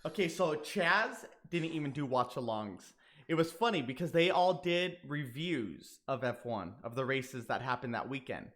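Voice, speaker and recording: A man hosting a casual race watch-along stream, talking excitably and swearing now and then. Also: medium pitch, moderate pace. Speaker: livestream host.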